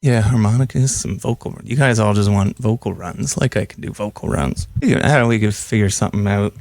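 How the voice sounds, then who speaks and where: A man's voice: lowish voice, brisk, creaky, darkish tone, no echo. A young man hosting a music-making video, chatting casually and reading viewer comments as he works on a song. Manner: chatty, reads out viewer comments while working. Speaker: music producer and host.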